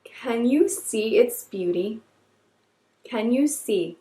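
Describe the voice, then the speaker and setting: Woman vlogger gushing over an unboxing, kinda high voice, slow and drawn out, echoey room. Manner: gushing, gasping, repeats herself excitedly. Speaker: beauty vlogger. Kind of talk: excited unboxing chat.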